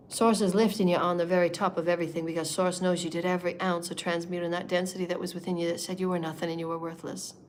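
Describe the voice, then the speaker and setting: A woman leading a spiritual meditation in a sermon style, impassioned and repetitive, moving between soft murmurs and loud declarations. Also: fairly low pitch, a little hiss or hum. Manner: repetitive, chant-like phrasing. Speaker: spiritual channeler.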